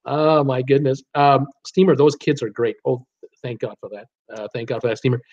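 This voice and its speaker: A man hosting a cruise live stream, reading viewer comments aloud in an animated, chatty way with many fillers. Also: mid-range voice, moderate pace. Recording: dull lo-fi stream audio.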